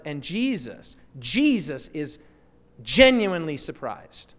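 Animated high-voiced preacher in a hall. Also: male voice, a little slow, long pauses. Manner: animated, asks the congregation questions. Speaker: pastor. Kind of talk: sermon. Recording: long hall reverb.

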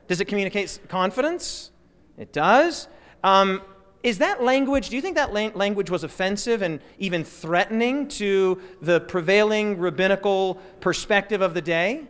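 Animated high-voiced preacher in a hall. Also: male voice, moderate pace. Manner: animated, asks the congregation questions. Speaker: pastor. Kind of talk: sermon. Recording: long hall reverb.

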